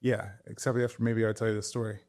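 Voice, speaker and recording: A man's voice: lowish voice, fast. A man, a tattoo artist guest, chatting casually and telling stories with swearing and laughter. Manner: animated storyteller, swears, laughs often. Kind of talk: casual chat.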